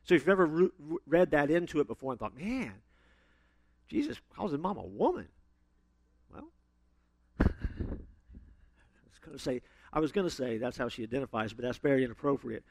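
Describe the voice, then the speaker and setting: Speaking a little fast but with long pauses, a mid-range male pastor preaches through storytelling. He brings quoted characters to life with big, theatrical changes in voice.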